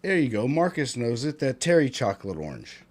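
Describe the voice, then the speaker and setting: A man co-hosting a casual podcast, animated and playful, often laughing. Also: medium pitch, a little fast. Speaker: co-host.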